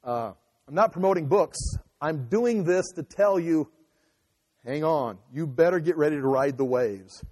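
A man's voice: a little high, lively intonation, a little slow, darkish tone. A man preaching an impassioned, emphatic sermon, mimicking the voices of people he argues against. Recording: echoey hall.

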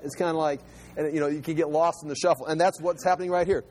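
Brief: middle-aged male Bible teacher, slightly high voice, chatty sermon delivery with frequent restarts. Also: steady tone, very fast, a little mellow, slight background noise. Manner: conversational, repeats words as he restarts.

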